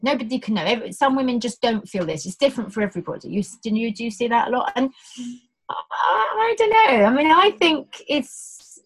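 A middle-aged woman, a birth educator, explaining labour in casual conversation, animated, acting out quotes with many restarts. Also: fairly high pitch, brisk, slightly rough, poor audio.

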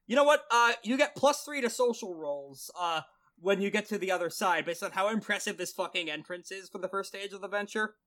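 A man runs a tabletop game as game master, narrating scenes and handing out rewards. His voice sits high and swoops widely as he talks, quick to laugh and loose with a curse. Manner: lively, swearing, quick to laugh.

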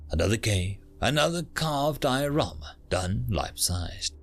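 Man, audiobook narrator, gravelly voice, lively pitch, dramatic storytelling. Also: measured pace. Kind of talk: scripted narration.

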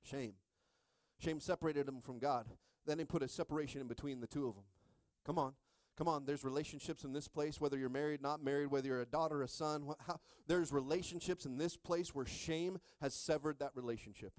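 A middle-aged man preaching with a fairly high voice that climbs into shouting. He keeps calling out to the congregation for response. The sound is dry and close. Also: fairly quick, dry recording. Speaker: pastor. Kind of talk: sermon.

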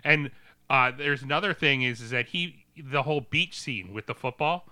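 Guy cohosting a movie podcast, super bright clear voice, rambly with lots of ums. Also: mid-range voice, normal speed, no echo. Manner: rambling, many fillers and restarts. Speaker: podcast co-host. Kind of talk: casual movie chat.

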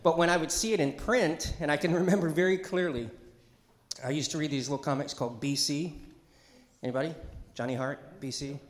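In a church sanctuary, a middle-aged pastor gives a conversational sermon, chatty and joking, with asides and call-and-response to the congregation. His voice is on the high side and a little fast. The room is echoey.

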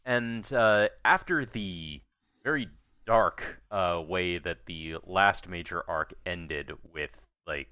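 Very deep, bright-toned man on a podcast. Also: takes it slowly, smooth, no echo, dull audio. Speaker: podcast co-host. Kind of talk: casual podcast review chat.

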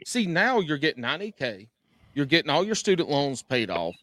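A man's voice: fairly high pitch, big pitch swings, a little fast, a bit bright, no echo, clean studio sound. A man co-hosting a podcast, teasing and pushing the others, often talking over them. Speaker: podcast co-host. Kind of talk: casual podcast banter.

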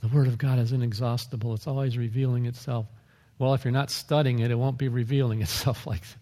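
A man's voice: medium pitch, flat delivery, fast talker, warm tone, in a large hall. A man pastor preaching a sermon, talking in a conversational way with asides and small chuckles.

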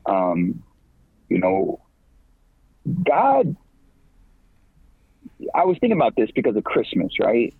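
Middle-aged male evangelist guest, slangy and animated; husky, dry and tinny like a phone. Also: slow pace, long pauses, no echo. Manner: animated, slangy, pitch leaps when excited. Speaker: podcast guest, evangelist and campus minister. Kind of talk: casual faith talk.

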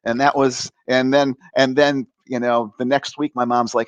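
A middle-aged man telling a personal story on a talk show, animated and laughing as he acts out the voices of others. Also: medium pitch, slow, dry recording, lo-fi sound. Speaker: guest.

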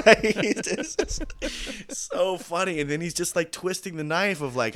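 A man co-hosting a podcast, talking casually and excitedly about a film, laughing often and swearing now and then. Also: high-pitched, moderate pace. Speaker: podcast co-host.

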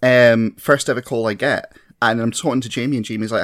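A man's voice: mid-range voice, steady tone, fairly quick, a bit bright. Groggy swearing podcast man. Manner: rambling, swears, self-mocking. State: groggy from a migraine. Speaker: podcast co-host. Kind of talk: casual banter.

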